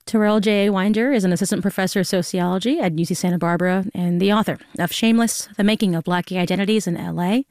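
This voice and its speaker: A woman radio host speaks close to a studio mic in a dry booth. She is friendly and chatty, moving from interview questions to relaxed banter with a colleague. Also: mid-range voice, fast talker, hardly any pauses, no echo. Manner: friendly, chatty, laughs easily. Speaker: radio morning news host. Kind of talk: public radio hosting and interviewing. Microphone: studio microphone.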